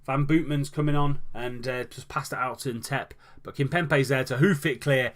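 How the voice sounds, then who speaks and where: A man's voice: medium pitch, steady tone, moderate pace, few pauses, fairly bright tone. A man commentating on his football management game, calling the play like a match commentator and lifting his voice at goals.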